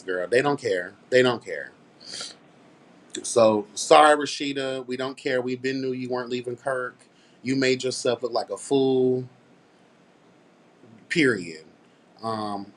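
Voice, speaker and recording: A man hosting a casual commentary rant, sassy and blunt, swearing freely and stressing his points. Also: mid-range voice. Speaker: commentary host.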